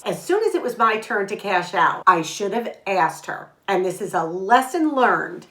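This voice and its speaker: An older woman talks to the camera in a chatty, lively way, telling a story and acting out what people said. Her pitch sits in the middle range. The room around her is echoey, and the sound comes from a camera mic at home. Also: measured pace, hardly any pauses. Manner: chatty and animated, retelling with quoted dialogue. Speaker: vlog host. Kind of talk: casual storytelling vlog.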